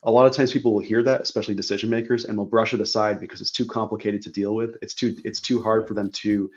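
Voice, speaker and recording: Low-voiced man explaining in a muffled recording. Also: flat delivery, a little mellow. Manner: measured, explanatory, repeats words. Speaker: guest. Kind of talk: analytical interview talk.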